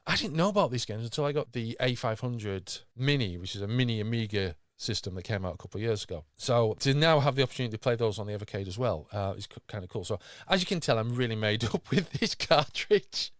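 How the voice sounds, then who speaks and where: A man's voice: medium pitch, animated, fast talker, hardly any pauses, dry recording, studio quality. A man hosting a podcast, talking with enthusiasm and rambling through fillers and restarts. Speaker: podcast host. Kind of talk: casual podcast chat.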